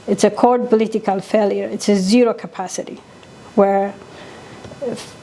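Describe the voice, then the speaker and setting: A woman's voice: medium pitch, fairly even intonation, normal speed, warm tone. A middle-aged woman physician from Somalia, giving an impassioned conference talk and repeating key points for weight.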